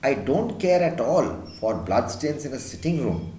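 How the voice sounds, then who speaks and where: A man's voice: mid-range voice, very animated, measured pace, mellow. A man reading aloud as a fussy, indignant lady of the house in a roomy room.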